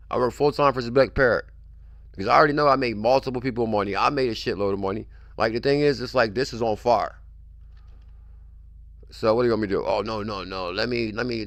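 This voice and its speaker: A man hosting a casual livestream, talking in a pushy, hyped-up way and repeating himself to drive his point home. His voice sits at an ordinary pitch and the sound is dry and close, with no room echo. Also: fairly bright tone. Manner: pushy, repetitive hype, keeps saying "I'm telling you". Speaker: crypto livestream host.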